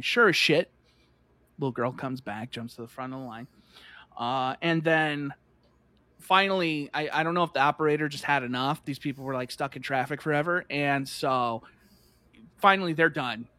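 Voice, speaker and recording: A man telling a lively story in casual chat, full of "like" and acted-out voices. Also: on the high side, normal speed, no room sound. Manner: animated, fillers of "like", acts out voices.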